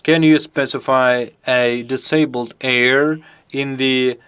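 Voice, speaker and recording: Male interpreter for a live Q&A, unhurried and clear-toned, pauses to find words. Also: medium pitch, fairly even intonation, fairly bright tone. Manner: halting, picks words as he goes.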